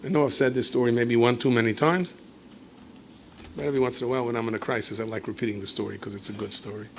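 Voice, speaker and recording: A man's voice: mid-range voice, fairly even intonation, fast talker, creaky, slight background noise. A man, a rabbi, telling a story in a lecture with playful asides and acted dialogue.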